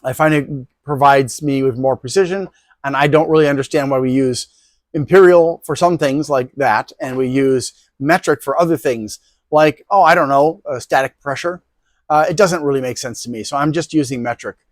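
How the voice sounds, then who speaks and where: A man's voice: mid-range voice, normal speed, no room sound. A man hosting a tech video, walking through test results in a loose, rambling way with many ums and restarts. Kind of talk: casual product review.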